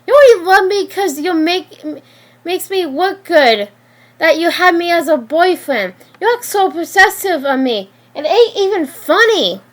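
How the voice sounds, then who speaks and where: Cocky male virus voiced by a woman, matter-of-fact, high voice, slow, amateur story reading. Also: expressive. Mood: scornful. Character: cocky young male virus, cold and defiant.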